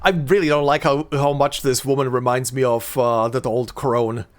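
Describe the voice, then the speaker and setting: A man's voice: medium pitch, fairly even intonation, normal speed. A man hosting a let's play, reading game text aloud and musing casually between lines.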